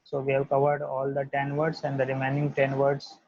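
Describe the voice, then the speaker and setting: A man teaching an online language lesson, repeating each word several times in a slow, deliberate way. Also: mid-range voice, monotone, no room sound. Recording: dull lo-fi dry audio.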